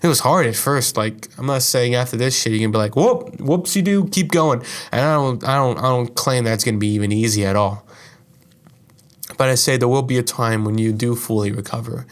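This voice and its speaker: Young man, podcast host, middle pitch, profane, rambling, casual confessional monologue. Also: fairly even intonation, brisk. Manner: profane, rambling, heavy use of "like".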